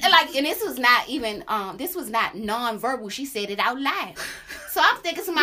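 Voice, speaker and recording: A young woman hosts a casual podcast with a high, bright voice. She tells the story in animated, profane chat and breaks into sung la la la asides. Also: brisk. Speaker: podcast host.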